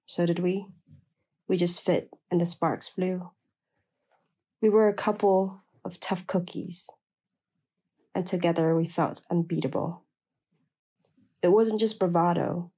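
A woman's voice: lowish voice, steady tone, takes it slowly, pauses often, warm tone, breathy edge. A woman narrating a first-person memoir in a blunt, plain-spoken way.

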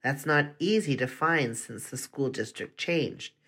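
A reader playing a middle-aged male school principal, stern and lecturing, in a story read aloud. The pitch sits in the middle and the delivery is firm and threatening. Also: unhurried, a bit bright, slightly rough.

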